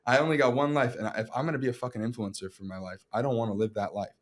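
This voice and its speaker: A young man talking fast on a podcast, spilling his story in a rush of swearing and restarts. He sits at an ordinary, middling pitch and keeps the energy animated the whole way through. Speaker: actor guest.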